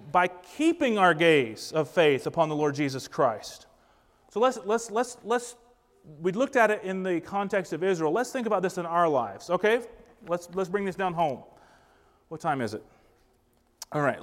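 High-voiced preacher in a reverberant hall. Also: male voice. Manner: emphatic, poses rhetorical questions to the congregation. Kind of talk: sermon. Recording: long reverb of a large hall.

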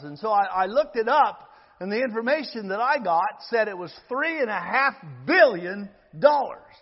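A man preaching a sermon, reading scripture slowly and rising to loud, emphatic appeals to the congregation. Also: very high voice, long reverb tail, muffled recording.

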